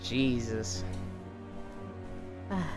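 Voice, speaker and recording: A woman's voice: a bass voice, animated, very slow, music in the background. A woman streamer chatting with viewers, telling stories, swearing freely and acting out the people in them. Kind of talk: casual chat with viewers.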